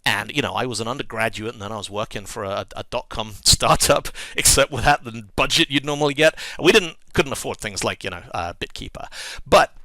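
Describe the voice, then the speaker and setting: A man delivers a talk with wry, lively storytelling. His voice is bright and gravelly, and his pitch swings widely. The sound is dry and close. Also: fairly quick, dry recording. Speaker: conference speaker. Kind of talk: presentation talk.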